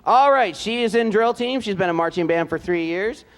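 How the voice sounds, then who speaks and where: A man's voice: sits high, normal speed. A man announcing seniors at a live school band event, reading their notes aloud with fillers and light joking asides. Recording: long hall reverb.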